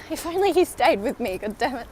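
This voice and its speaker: Very animated and high-voiced, this young vlogger keeps a moderate pace as she walks along a river in the city. She chats and rambles into a handheld phone, whispering some asides, and the audio carries a little hiss or hum.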